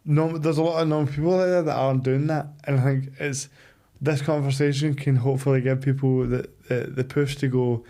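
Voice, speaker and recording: A man's voice: medium pitch, little pitch movement, a little fast, dark tone. A man hosting a podcast in a heartfelt casual chat, often hesitating and repeating words. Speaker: podcast host.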